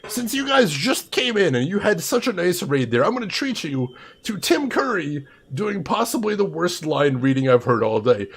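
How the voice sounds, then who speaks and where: A young livestreamer gives playful, chatty commentary on a casual game stream, greeting viewers by name. His voice sits high and is sing-song, at a moderate pace with few pauses.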